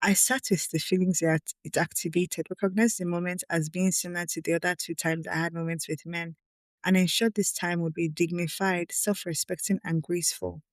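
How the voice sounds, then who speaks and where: A woman's voice: lowish voice, fairly even intonation, fairly quick, dry recording. A woman reads her own essay in a close, dry recording with little room sound. She is candid and emotional, and she often breaks off to speak straight to her listeners. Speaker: podcast host. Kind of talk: reading her own article with personal asides.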